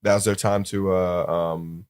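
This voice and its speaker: Rambling laid-back young podcast host. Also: male voice, deep voice, little pitch movement, takes it slowly, darkish tone, clear, resonant tone, no room sound. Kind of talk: casual banter.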